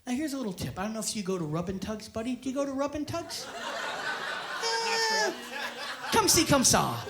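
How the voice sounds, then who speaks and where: Loud profane male stand-up comic. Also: extremely high pitch, very animated, moderate pace, heavy background noise. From Canada. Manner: profane, loud, crowd-baiting delivery. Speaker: stand-up comedian. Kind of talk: stand-up comedy set. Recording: live club set with loud crowd laughter.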